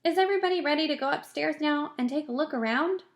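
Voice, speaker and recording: A woman's voice: sits high, quick pace, voice pushed up. Woman doing a kindly old grasshopper. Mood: encouraging. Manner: encouraging, gentle. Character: cheerful old male grasshopper, fatherly leader.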